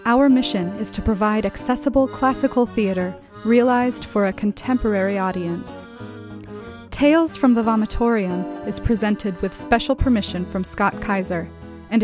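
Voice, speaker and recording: A woman host reading a scripted program introduction in a clear, friendly announcing manner. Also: medium pitch. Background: music.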